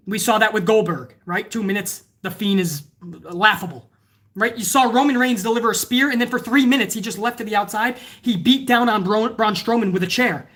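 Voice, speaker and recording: A woman giving a casual, sarcastic and profane wrestling review, now and then acting out fans in shouted voices. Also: fairly high pitch, expressive, brisk. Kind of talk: casual ranting commentary.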